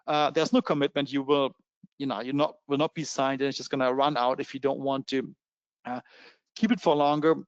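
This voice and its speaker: Man, German accent, webinar sales pitch, quick and excited, fillers, dull online sound. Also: clear, resonant tone, no echo. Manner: fast, eager talk with many fillers. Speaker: webinar presenter.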